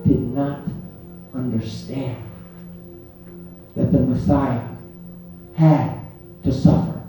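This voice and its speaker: A male preacher giving a sermon in a church, telling the story in a lively way and acting out scenes. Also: medium pitch, very slow. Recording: echoey hall, distant mic, faint music.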